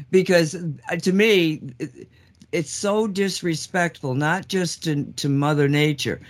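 A man's voice: on the high side, takes it slowly. A man co-hosting a casual show, speaking earnestly and candidly, chuckling at his own remarks. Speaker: co-host. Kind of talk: casual call-in show chat.

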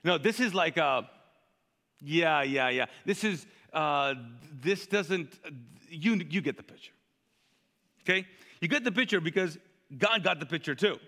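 A male pastor preaching in a chatty, animated way, asking the congregation to fill in words. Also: sits high, moderate pace, long reverb tail. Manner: conversational, animated, asks the crowd to fill in words. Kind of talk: sermon.

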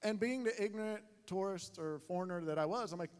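A man preaching from a church sanctuary, his fairly high voice bouncing through a long echo. He tells stories with lively, self-mocking animation and keeps shifting into voices. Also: fast, clear, resonant tone. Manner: animated, self-mocking storyteller with many voice changes. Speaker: pastor. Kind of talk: sermon storytelling. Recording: echoey hall with long reverb.

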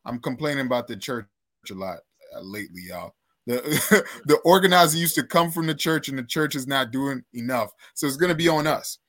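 A man guesting on a casual podcast chat, earnest and thoughtful, speaking in measured phrases. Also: medium pitch, expressive, fairly bright tone. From United States, born to Trinidadian parents.

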